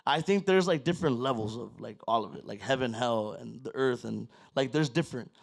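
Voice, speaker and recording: Brisk and creaky, with a medium-pitched voice, a man spins a long, casual story as a podcast guest. He's loose and profane, and drops into Spanish at times.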